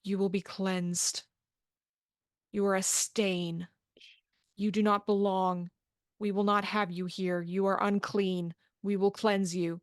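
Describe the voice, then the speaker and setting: A woman voicing a chorus of alien voices that speak as one, giving cold, flat commands. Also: medium pitch, slow pace, pauses often, clean tone, no room sound, clean studio sound, lightly acted. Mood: menacing.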